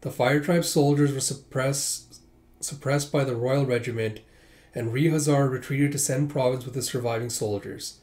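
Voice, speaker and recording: A man's voice: mid-range voice, fairly even intonation, moderate pace, a little mellow. Brief: man, casual read-aloud narrator, conversational, fillers. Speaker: manga reader and narrator.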